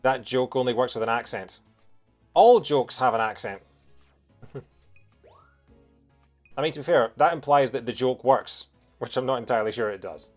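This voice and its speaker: A man hosting a let's play talks casually and excitedly over his gameplay, humming tunes and making jokey asides. His voice sits at medium pitch with a moderate pace and long pauses, and faint music plays behind him.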